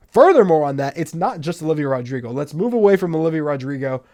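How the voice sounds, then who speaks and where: Hosting a podcast, this young man spins stories in a relaxed monologue that lurches from loud outbursts down to quiet mutters.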